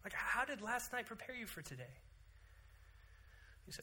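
A man in his thirties preaching a sermon in a church, animated, rising loud for emphasis and dropping quiet to pray. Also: a little fast. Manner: animated, rises loud and high for emphasis, then drops to quiet prayer. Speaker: pastor. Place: church sanctuary.

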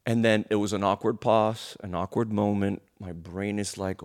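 Man, preacher, lowish voice, animated sermon storytelling, stumbling restarts. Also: moderate pace, few pauses.

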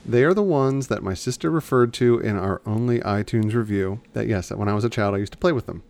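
A man with a low, gravelly voice talks through a casual podcast chat. He rambles along, restarts his sentences and circles back to his points. It sounds like a relaxed co-host just talking. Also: fairly quick. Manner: chatty, rambling, self-correcting.

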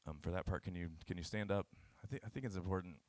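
A young man giving an informal, earnest sermon that retells scripture. He swings between sudden shouted bursts and low, quiet passages. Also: very fast, no echo.

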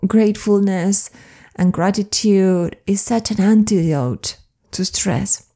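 A woman flow coach speaking in an earnest, confiding, soft-spoken personal monologue. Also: mid-range voice, gravelly.

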